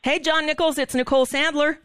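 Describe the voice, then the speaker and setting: A woman's voice: high-pitched, fairly even intonation, fairly quick, a bit bright, no echo, clean studio sound. A woman hosting a political talk radio show, upset and shaking with anger, stammering through emphatic outbursts. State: shaken and upset.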